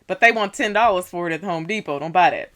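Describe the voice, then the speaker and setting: Chatty woman telling a story. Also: fast. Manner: chatty, animated storyteller with frequent "you know" and "right?"; acts out dialogue with raised pitch when riled up. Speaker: vlogger. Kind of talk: casual storytelling vlog.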